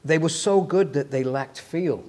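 A man's voice: fairly high pitch, a little slow. A man from Manchester with a mid-Atlantic accent, a musician and actor telling stories in a casual interview, swearing freely. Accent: mid-Atlantic, Mancunian mixed with American. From Manchester, England. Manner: swears freely, animated anecdotes, trailing off softly.

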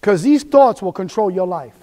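A man's voice: high voice, animated, normal speed, dark tone, in a large hall. A man preaching a sermon as pastor, emphatic and repetitive, voicing quoted inner voices.

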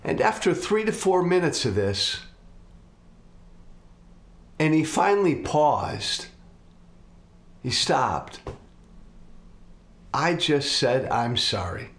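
A middle-aged man and show host speaking in an earnest, confessional monologue, slow and deliberate. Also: fairly high pitch, big pitch swings. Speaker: political commentator, host. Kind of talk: reflective monologue. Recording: roomy echo.

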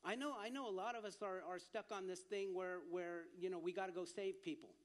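A man preaches to his congregation in a fairly high voice. He tells a personal story earnestly, repeating words as he restarts, and grows more fervent as he goes. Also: fairly even intonation, brisk, hardly any pauses. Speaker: ministry leader speaking at church.

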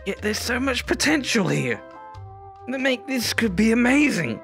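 A man's voice: very high voice, sing-song, a little slow, vocal fry, fairly bright tone, faint music behind. A man giving theatrical, rambling commentary on a VR game while hamming up a drunk character. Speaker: VR gameplay streamer. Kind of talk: comedic VR gameplay commentary.

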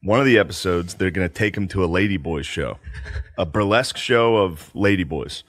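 A man's voice: sits low, fairly quick, no echo, clean studio sound. A man co-hosting a casual chat, telling stories with acted-out quotes and frequent laughter. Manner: animated, acts out quotes, laughs often.

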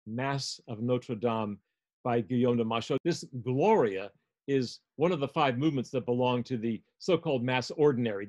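A man's voice: medium pitch, darkish tone. Older man giving a guided music lecture. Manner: explanatory, guiding listeners through a score.

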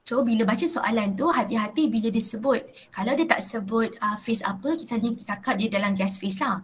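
A woman's voice: fairly high pitch, fast, low-quality recording. A young woman with a Malaysian accent teaching a live chemistry class, switching between Malay and English and checking in with her students. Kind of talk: live online class lecture.

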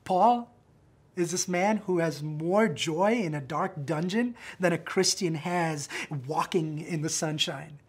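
Male pastor, husky, lively sermon delivery, talks straight to the congregation with frequent "right?" check-ins. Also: a little high, slow pace. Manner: animated, acts out quotes, frequent "right?" tags.

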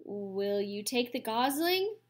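A woman voicing a calm, polite female robot who speaks slowly and carefully. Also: fairly high pitch. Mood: even. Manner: slow, flat and careful.

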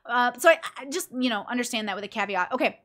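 A woman's voice: a little high, lively intonation, quick pace, a bit bright. A tired woman hosting her own podcast, talking casually and animatedly, acting out friends and swearing freely. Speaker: podcast host.

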